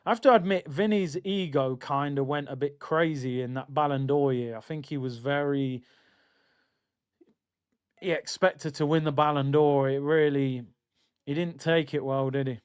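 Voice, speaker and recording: Chatting casually on a football watchalong stream, a man reads viewer comments aloud between loose remarks. His voice is on the high side, clear and resonant, at an ordinary pace. The audio sounds dull.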